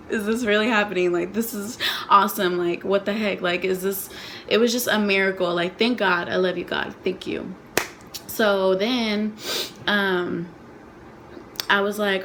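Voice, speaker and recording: A woman's voice: mid-range voice, steady tone, moderate pace, fairly bright tone, slight background noise. A young woman and nursing student telling an emotional personal story in a casual vlog, rambling and saying "like" constantly. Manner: rambling, emotional, heavy use of "like". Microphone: phone.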